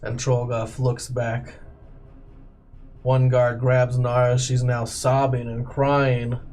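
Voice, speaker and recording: A male game master narrates a tabletop game slowly, dwelling on every graphic detail. His voice sits at an average pitch and moves at an unhurried pace. Soft background music runs quietly underneath. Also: completely flat delivery. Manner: slow, graphic descriptive narration.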